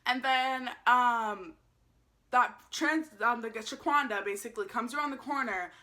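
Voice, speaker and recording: A young woman vlogger tells a casual storytime, animatedly acting out the voices of the people in her tale and swearing freely. Her voice is on the high side, and she speaks at a measured pace.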